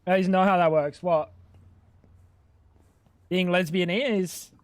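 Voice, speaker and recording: A man's voice: high-pitched, fairly even intonation, slow, no room sound. A man, chatting crudely and rambling as he jokes with his livestream chat. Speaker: streamer. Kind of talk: casual gaming livestream chat.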